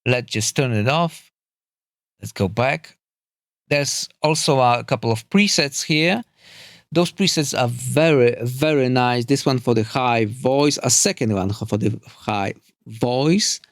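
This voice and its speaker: Halting man unboxing a microphone, slow. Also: medium pitch, dry recording. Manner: halting, searching for words, many fillers and restarts; learning English, second-language phrasing. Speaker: tech reviewer. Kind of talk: product unboxing and walkthrough.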